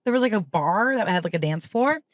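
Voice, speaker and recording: A woman guest in a casual chat in a car, a chatty and lively storyteller who is quick to laugh. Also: medium pitch, dry recording, studio quality. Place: inside a car.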